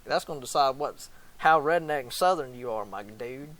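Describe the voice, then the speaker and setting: A man's voice: medium pitch, lively intonation, normal speed, a bit bright. A man vlogging casually, joking and swearing as he talks. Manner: joking, profane, laughing often. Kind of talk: casual screen-recording chat.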